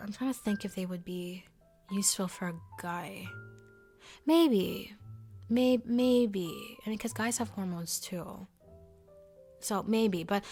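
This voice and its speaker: A chatty woman with a lowish, gravelly voice who rambles through her recommendations. She corrects herself often and slips into quiet whispered asides. Soft music plays faintly underneath. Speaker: book review vlogger. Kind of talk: casual chat.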